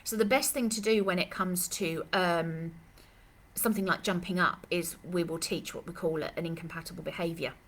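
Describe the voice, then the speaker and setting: A woman's voice: fairly low pitch, steady tone, moderate pace, fairly bright tone. A woman dog trainer answering questions in a live Q&A, chatty and rambling, with lots of fillers and restarts, speaking. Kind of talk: live Q&A session.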